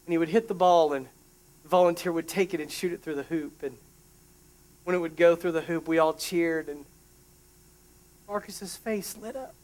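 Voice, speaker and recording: A middle-aged man preaching a sermon, an emotional storyteller who restarts sentences and adds quick asides. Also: fairly high pitch, darkish tone. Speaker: pastor.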